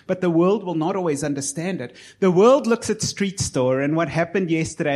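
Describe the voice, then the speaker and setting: Earnest preacher with a fairly high voice. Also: male voice, normal speed. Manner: earnest, building to emphatic peaks then dropping soft. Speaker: pastor. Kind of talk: sermon.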